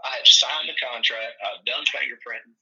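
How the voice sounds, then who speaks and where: A football coach from Tennessee, telling rambling, folksy stories in casual chat. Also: male voice, mid-range voice, normal speed, bright, forceful tone. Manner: folksy, rambling, acts out quoted voices. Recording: muffled lo-fi recording.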